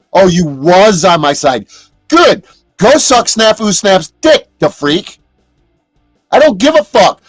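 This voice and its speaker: A high-pitched man rants at his livestream chat from inside a motorhome, swearing constantly and cursing at viewers. His voice is close and completely dry, and faint music plays behind him. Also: no room sound. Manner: profane, aggressive, shouts at chatters. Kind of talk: angry livestream rant.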